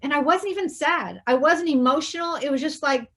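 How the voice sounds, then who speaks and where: A woman hosting an interview, telling a personal story in a soft, hushed way and acting out the quoted dialogue. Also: high-pitched, brisk. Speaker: interview host.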